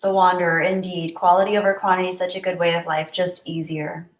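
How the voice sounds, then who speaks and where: A woman hosting a casual livestream, chatting warmly and reading viewer messages aloud. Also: on the low side, little pitch movement, quick pace. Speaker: livestream host. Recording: roomy echo.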